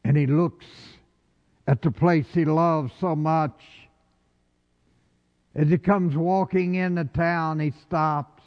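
A man preaching a sermon with passion, rising to loud calls and dropping to hushed lines. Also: fairly high pitch, steady tone, takes it slowly, pauses often. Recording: dull lo-fi recording with long hall reverb.

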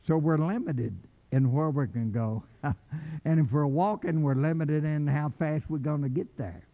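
An older man preaching a sermon with fervor, swinging from low quiet lines to shouted calls. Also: measured pace. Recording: muffled, echoey hall.

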